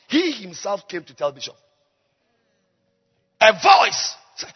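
Man, pastor preaching, lively swooping pitch, bright tense tone, long echo of a big hall. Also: measured pace, long pauses, breathy edge. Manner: swings from low murmurs to high shouts. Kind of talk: sermon.

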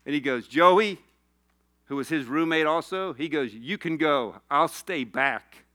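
A man's voice: a little high, normal speed, sharp tone. A man preaching a sermon, telling a personal story and rising to passionate appeals. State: tearful.

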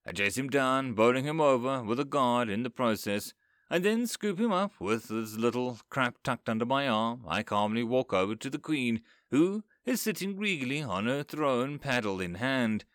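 A man tells a comic first-person fantasy tale with a lively, swooping voice that climbs high for the characters he plays. The sound is dry and close, with no room around it. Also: normal speed, no room sound. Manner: lively storyteller, raising pitch for quoted characters. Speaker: narrator.

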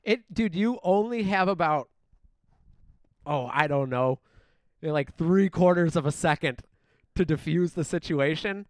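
High-pitched young man, dude-heavy banter. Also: a little slow, pauses often, no room sound. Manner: laid-back, swears often, says "dude" a lot. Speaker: podcast co-host. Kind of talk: casual crude banter.

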